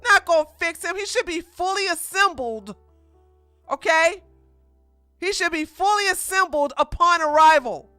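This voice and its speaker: Blunt, bright-voiced woman streamer. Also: very high-pitched, expressive, a little slow, no echo, soft background music. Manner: blunt, emphatic, slangy preaching. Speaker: commentary streamer. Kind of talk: casual reaction commentary.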